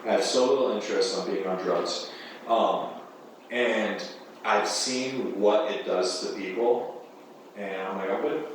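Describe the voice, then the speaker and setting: Profane, animated man in an echoey room. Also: lowish voice, a little slow. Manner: animated, profane, laughing storyteller. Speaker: podcast guest. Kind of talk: casual storytelling chat. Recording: echoey room, distant mic, faint noise.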